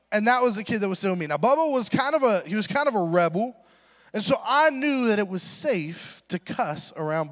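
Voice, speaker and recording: A man's voice: sits high, a bit bright. A young adult man giving a sermon, telling a funny story and acting out voices in a self-deprecating way. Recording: reverberant hall recording.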